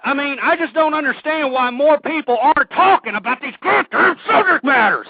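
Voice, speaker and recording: A male talk radio host ranting through a monologue, swinging between shouting and weary sighs. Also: extremely high pitch, brisk, dry recording. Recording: dry tinny phone-line audio.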